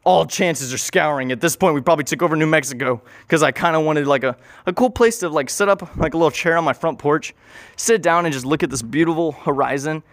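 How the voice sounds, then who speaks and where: A man's voice: on the high side, fairly quick, dry recording, studio quality. A young man telling a goofy, rambling improvised story, interrupting and correcting himself as he goes.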